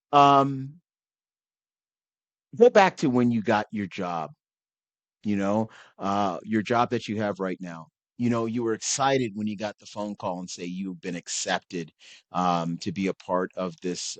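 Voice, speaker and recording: A man's voice: on the low side, no echo. A middle-aged man hosting a podcast, talking to listeners in a rambling, folksy monologue full of fillers and restarts. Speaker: podcast host.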